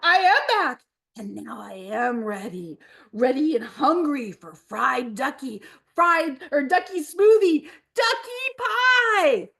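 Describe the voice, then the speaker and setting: A woman voicing a big hungry grown-up crocodile who talks in a gruff, blunt, relishing way. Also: sits high, sing-song, slow pace, a bit bright, full character voice.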